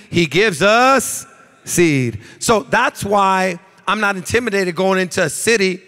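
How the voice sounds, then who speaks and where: A man preaching a sermon as pastor, with repetition and shouted, sing-song emphasis. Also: high voice. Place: church sanctuary. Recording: long reverb of a church hall.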